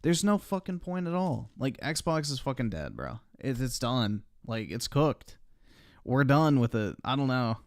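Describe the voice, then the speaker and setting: A male streamer chats casually about what he is watching, blunt and full of profanity. His voice is smooth and clear, picked up dry and close to the mic. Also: medium pitch, very animated, a little slow, no echo. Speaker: streamer reacting to videos. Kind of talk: casual chat.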